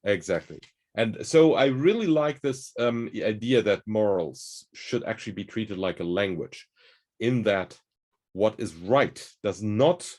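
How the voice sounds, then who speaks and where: A man's voice: fairly low pitch, a little mellow. A man hosting a conversation, explaining ideas in a thoughtful, searching way. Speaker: host. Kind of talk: conversational discussion.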